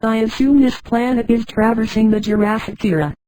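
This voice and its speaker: A woman reading the lines of a calm, blunt male nomad hero in a steady, matter-of-fact way. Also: on the high side, fairly quick, a little hiss or hum, close to an everyday voice, low-quality recording.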